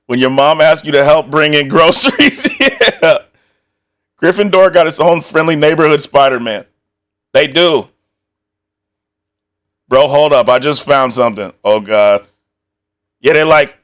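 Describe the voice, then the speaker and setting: Excitable young streamer man, slow drawl. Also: a little high. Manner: excitable, laughs often, swears freely, slangy; acts out quick mock dialogue in passing. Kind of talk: casual live-stream commentary.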